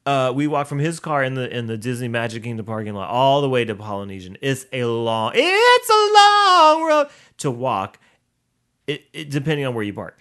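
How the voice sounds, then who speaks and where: A male podcast host telling a comic story in a sassy, profane, animated way, swinging his pitch up and down. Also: quick pace, few pauses.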